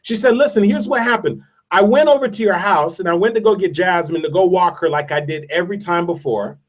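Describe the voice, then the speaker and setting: High-voiced, emphatic motivational speaker man. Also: brisk. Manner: repetitive, emphatic storytelling. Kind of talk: motivational speech. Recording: distant, dull lo-fi sound.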